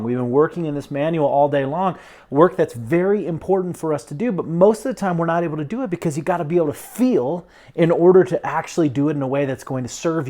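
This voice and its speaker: A man's voice: a little high, darkish tone. A man talking earnestly and enthusiastically in a casual video diary at home. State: out of breath. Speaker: vlogger.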